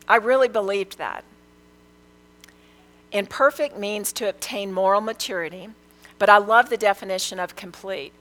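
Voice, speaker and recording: A woman's voice: mid-range voice, fairly bright tone, poor audio. Older grandma type preaching her testimony, earnest, keeps repeating lines for emphasis. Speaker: speaker sharing a testimony. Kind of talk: testimony sermon.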